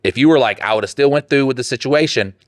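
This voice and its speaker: A fast-talking man with a mid-range voice co-hosts a podcast, reading listener letters aloud in crude, casual chat. He's blunt and profane, mocking people with put-on voices, and the recording is dry and studio quality.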